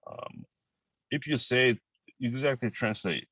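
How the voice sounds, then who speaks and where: A man with a Korean accent, whose first language is Korean, teaching a language lesson and repeating each phrase slowly, with halting English. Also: mid-range voice, animated, fairly bright tone, dry recording.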